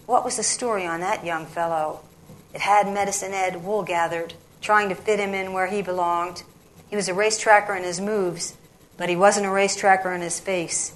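A woman narrating a novel aloud, with measured storytelling and a dialect-flavored text. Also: mid-range voice, fairly bright tone, low-quality recording. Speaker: audiobook narrator.

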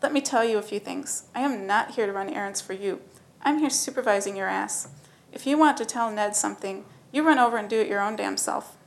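A woman's voice: a little high, fairly quick, close to an everyday voice. A woman voicing a laid-back but blunt male supervisor who talks casually. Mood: scolding.

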